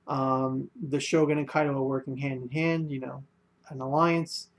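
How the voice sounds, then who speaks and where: Gravelly young man rambling about manga. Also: medium pitch, level tone, normal speed. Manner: rambling, many fillers and restarts. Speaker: manga reviewer. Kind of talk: casual spoken review.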